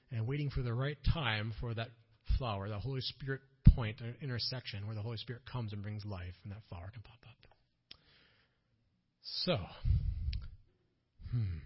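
This man's voice is medium in pitch and slightly rough. As a missionary addressing a church conference, he tells lively stories from his work, acting out quotes loudly, all captured on a dull, lo-fi church PA recording.

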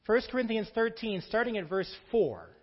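Male pastor delivering a lively sermon, swinging pitch, recorded dull and muffled in a church. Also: moderate pace, slightly rough, big-room sound. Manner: preacher's call-and-response.

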